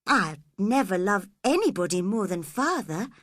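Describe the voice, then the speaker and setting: A woman's voice: mid-range voice, big pitch swings, moderate pace, dry recording, clean studio sound. A woman voicing an earnest, hot-tempered young girl in an audiobook. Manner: pleading, then shouting.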